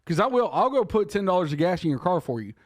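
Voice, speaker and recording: A man's voice: high voice, big pitch swings, fast, dry recording, studio quality. A man, co-hosting a podcast and telling profane stories in casual chat while laughing often. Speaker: podcast co-host.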